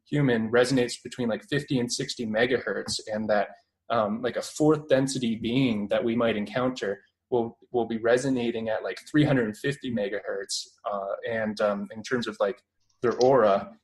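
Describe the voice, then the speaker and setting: A man's voice: mid-range voice, low-quality recording. A young man in his twenties with a Canadian accent, a guest on an interview, talking casually and rambling with many fillers and restarts. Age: 20s.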